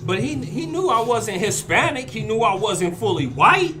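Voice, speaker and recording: A man in his thirties telling a story in casual chat, animated and swearing, acting out the people in it. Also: high-pitched, normal speed, soft background music. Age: 30s. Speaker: podcast host.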